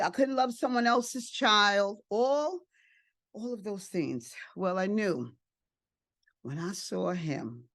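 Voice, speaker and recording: Older woman, adoptive mom, emotional storyteller, lively swooping pitch, slow and deliberate, dry close sound. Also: dry recording. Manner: emotional, animated retelling with repeated phrases and acted-out quotes. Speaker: adoptive and foster parent sharing her story. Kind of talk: personal storytelling at a family support event.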